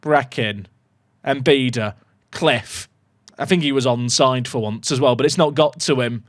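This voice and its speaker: A man commentating his own football management game, excitable and shrieking at big chances. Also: medium pitch, unhurried, dry recording, clean studio sound. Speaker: gaming YouTuber.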